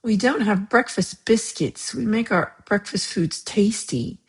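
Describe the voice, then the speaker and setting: A woman's voice: mid-range voice, unhurried. An American woman hosting a casual livestream, reading chat comments, laughing often and trailing off into mumbles. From United States. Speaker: livestream host.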